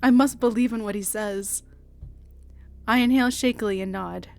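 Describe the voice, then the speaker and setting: A young woman streamer reading a visual novel aloud, with dramatic, shouting outbursts and laughing reactions. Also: fairly high pitch, normal speed, vocal fry, faint music behind. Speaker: virtual streamer.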